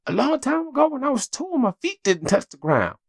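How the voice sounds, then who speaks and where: A man voicing his emotional four-year-old daughter in a high, wondering child's voice. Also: big pitch swings, brisk, vocal fry, no echo, studio quality, exaggerated voice. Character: emotional little girl, four years old.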